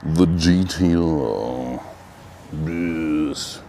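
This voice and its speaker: A car vlogger with a bass, gravelly, dark-toned voice draws out his words, with a little hiss or hum in the audio. Filming on a handheld camera, he chats casually as he parks in his car and then steps outside beside it. He narrates in a self-deprecating way and talks to himself.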